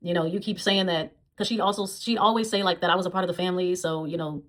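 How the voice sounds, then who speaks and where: Fast-talking woman venting a storytime. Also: on the low side, steady tone, a bit bright. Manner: blunt, profane, venting. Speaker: dog groomer. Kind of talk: storytime vlog.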